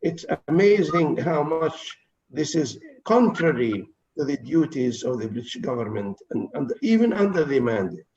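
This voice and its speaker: A man in his eighties from Palestine, answering interview questions slowly and deliberately, often pausing with hesitant fillers. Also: on the high side, sing-song, darkish tone. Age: 80s. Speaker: interview guest. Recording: dull lo-fi recording.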